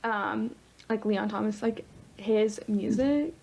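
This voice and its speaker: A woman's voice: mid-range voice, slow, gravelly, darkish tone, a little hiss or hum. A young woman co-hosting a podcast in easygoing, rambling casual chat. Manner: easygoing, laughs often, rambling. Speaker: podcast co-host.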